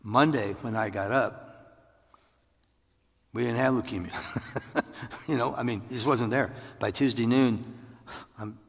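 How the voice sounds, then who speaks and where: A man in his sixties preaching a conversational, animated sermon, his husky voice carrying in a church sanctuary. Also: measured pace, pauses often. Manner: conversational, animated, with jumps into falsetto for acted voices. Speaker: pastor. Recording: long reverb of a large hall.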